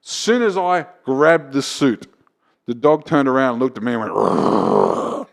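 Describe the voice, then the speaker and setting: A man spins a rowdy anecdote on a podcast, swearing freely and getting louder as he goes. His pitch sits in a plain middle range. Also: moderate pace. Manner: profane, builds to loud excited retelling. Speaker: comedian guest. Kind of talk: casual podcast storytelling.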